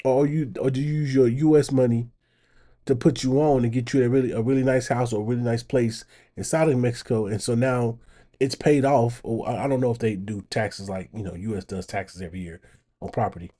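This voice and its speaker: A man hosting his channel, giving casual reaction commentary on video clips and getting animated when he makes a point. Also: mid-range voice, a little fast.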